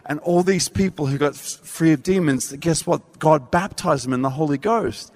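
A man preaching a sermon, telling a story with animated delivery and acting out voices. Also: a little high, moderate pace. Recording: reverberant hall.

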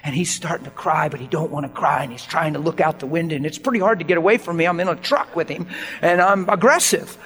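A man's voice: a little high, quick pace, fairly bright tone. A man preaching a sermon as a story, acting out quoted voices with bursts of laughter. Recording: long reverb with faint music.

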